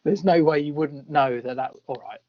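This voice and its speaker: A man's voice: a little high, normal speed. Man, podcast co-host, casual film chat, easygoing, dull lo-fi audio.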